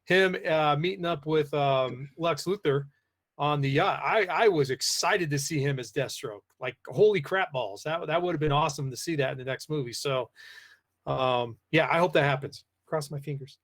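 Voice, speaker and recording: A man's voice: fairly high pitch, moderate pace, fairly bright tone. A man hosting a casual live podcast, rambling with lots of fillers as he reads the chat aloud. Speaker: podcast host.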